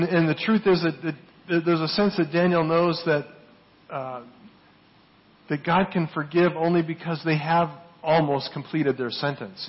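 Man preaching a sermon, lo-fi audio. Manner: rhetorical, often asks "right?", swings from loud emphasis to soft low asides. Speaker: pastor.

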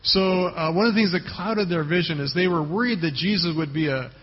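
Man, pastor, sermon, husky, slightly high voice, muffled lo-fi recording. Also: a little fast. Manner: earnest teaching tone with frequent "right?" asides.

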